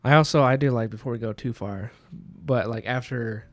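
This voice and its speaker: An excitable man co-hosting a book podcast, chatting casually and laughing often. His voice has a gravelly, fried edge. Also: medium pitch, normal speed. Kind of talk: casual chat.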